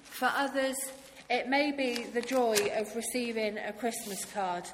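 A woman's voice: fairly high pitch, measured pace. A woman giving an enthusiastic, friendly children's talk during a church service. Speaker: church youth speaker. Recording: hall reverb with faint noise.

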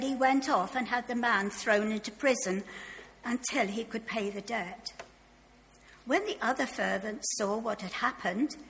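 Woman reader, gravelly and unhurried, tickly throat, scripture reading in a reverberant church hall. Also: on the high side, pushed and bright. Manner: slow, careful reading with clearing of the throat. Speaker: Bible reader.

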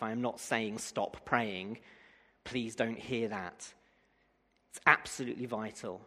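A man preaching a sermon, swinging from loud rousing declarations to a calm conversational teaching tone. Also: medium pitch, in a large hall.

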